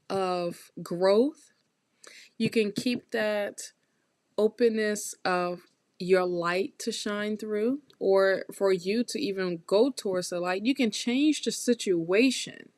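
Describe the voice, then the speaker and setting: A woman giving a live tarot reading, talking straight to her viewers in a warm, encouraging, chatty way with lots of repeats and restarts. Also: medium pitch, no room sound. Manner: loose, chatty phrasing with restarts. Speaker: tarot reader hosting a live stream.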